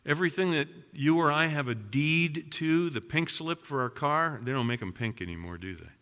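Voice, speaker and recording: A middle-aged male pastor preaching with a sharp, very bright voice. He presses his points with rhetorical questions and swings from ringing emphasis to near-hushed passages. His sermon rings out with the long reverb of a large sanctuary. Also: on the high side, expressive, moderate pace.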